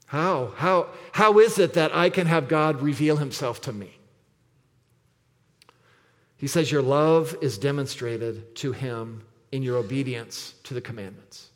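A man's voice: medium pitch, unhurried, a bit bright. A man preaching a sermon as pastor, emphatic, repeating scripture and asking rhetorical questions. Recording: long reverb of a large hall.

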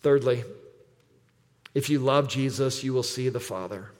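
A man's voice: medium pitch, measured pace, long pauses. A man preaching a sermon as pastor, emphatic, repeating scripture and asking rhetorical questions. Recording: long reverb of a large hall.

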